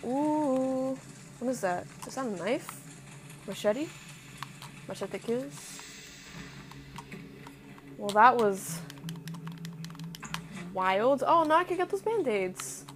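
A young woman playing a video game and commenting as she goes, cursing and reacting loudly to scares, then muttering to herself. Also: high voice, animated, slow pace, long pauses, slight background noise. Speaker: gameplay streamer. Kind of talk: casual let's-play commentary.

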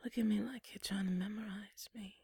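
A young woman in a whispered role-play, coaxing and teasing the listener in a soft whisper broken by quiet laughs and pet names. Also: mid-range voice, fairly even intonation, brisk, breathy edge, dry recording, clean studio sound. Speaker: ASMR role-play performer.

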